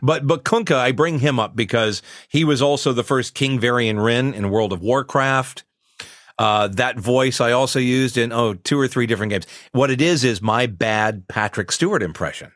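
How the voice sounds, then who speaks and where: A man in his sixties, a voice actor, chatting in an interview in a relaxed, self-mocking way and laughing often. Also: medium pitch, normal speed, no echo, studio quality. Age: 60s.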